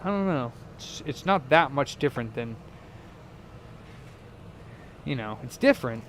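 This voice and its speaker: A man's voice: medium pitch, expressive, a little slow, a little hiss or hum. Rambling American man chatting while he works. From United States. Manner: rambling, heavy use of "like" fillers. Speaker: electronics repair streamer. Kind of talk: casual live-stream chat while soldering.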